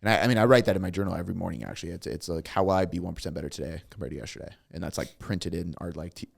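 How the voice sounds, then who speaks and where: A man's voice: low voice, gravelly. A man, a coach, talking casually and animatedly on a podcast, swearing freely as he tells stories. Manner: fast, swearing, animated storytelling. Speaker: fitness coach, guest.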